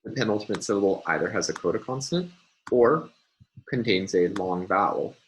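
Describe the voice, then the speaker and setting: Low-voiced man giving a methodical lecture. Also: expressive, a little fast, slight background noise, poor audio. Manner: methodical, hesitant with frequent ums and uhs. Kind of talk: recorded university lecture.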